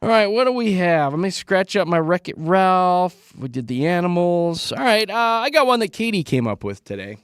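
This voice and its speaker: A man hosts a morning radio show with a high, bouncy voice that swoops all over. He teases callers and cohosts in playful banter, recorded close and dry. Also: normal speed, hardly any pauses, smooth, no echo. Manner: teasing, animated.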